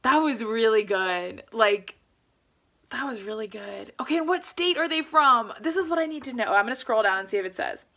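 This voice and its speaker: A woman reacting to a cheer routine on her vlog, gushing and excitable and saying "like" a lot. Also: fairly high pitch, normal speed. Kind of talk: casual video reaction.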